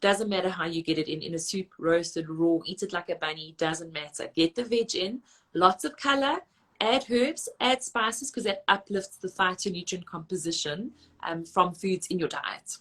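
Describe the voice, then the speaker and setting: A woman dietitian, giving brisk, practical advice in lists during a live online Q&A. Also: on the low side, fairly bright tone. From South Africa. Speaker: registered dietitian.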